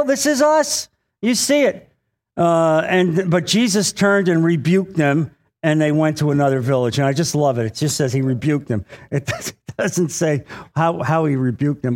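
A man with a high-pitched voice preaches a sermon in a lively, animated way. He sometimes stumbles and restarts as he talks, and he acts out the voices of the people in his stories. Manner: animated, acts out quoted voices, many fillers. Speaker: Bible teacher. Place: church or meeting hall.

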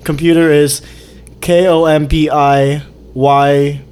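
A man's voice: on the high side, flat delivery, slow, darkish tone, slight background noise. A man co-hosting a podcast in loose casual chat, rambling with many fillers. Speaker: podcast co-host.

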